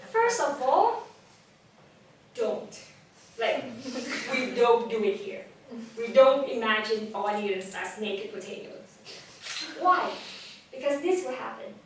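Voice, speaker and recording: Speaking slowly with long pauses, a young adult woman, Vietnamese her first language, coaches a live audience in a motivational public-speaking talk with lively directness and a slightly high voice. The event hall echoes heavily, her voice comes from far off, and a faint hum sits underneath.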